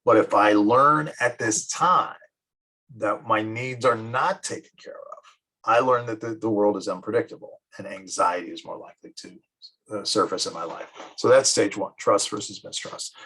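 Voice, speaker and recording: Lively middle-aged teacher, husky voice, talks through examples by acting them out. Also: male voice, fairly low pitch, poor audio. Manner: lively, acts out children and parents in quick asides. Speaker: psychology teacher. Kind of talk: classroom lecture.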